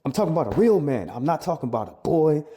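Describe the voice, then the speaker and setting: Brief: middle-aged male vlogger, preachy and repetitive, very lively pitch swings. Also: fast, breathy edge. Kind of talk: comedic commentary.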